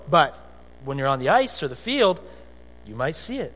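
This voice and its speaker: A man preaching a conversational, animated sermon as a pastor in a church sanctuary. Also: fairly high pitch, moderate pace. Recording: long hall reverb with faint music.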